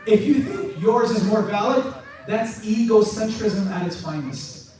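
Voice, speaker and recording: Male speaker, high voice, sarcastic and joking, a bit worn; distant mic in a boomy hall. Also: lively intonation, a little slow, warm tone. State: voice tiring. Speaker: speaker answering congregation questions. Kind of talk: lively Q&A talk to a congregation. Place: mosque hall. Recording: echoey hall from far off.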